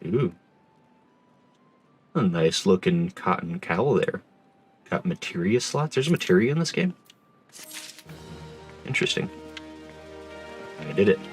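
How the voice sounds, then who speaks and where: A man's voice: low-pitched, big pitch swings, slow pace, pauses often, breathy edge, soft background music. A man streaming a game and commenting in a dry, sarcastic, offhand way. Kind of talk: gaming livestream commentary.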